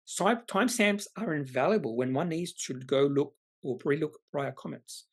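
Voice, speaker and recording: A man's voice: on the high side, moderate pace, husky. A man, hosting an investing channel and answering viewer comments in a rambling, opinionated way. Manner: rambling, opinionated, self-correcting.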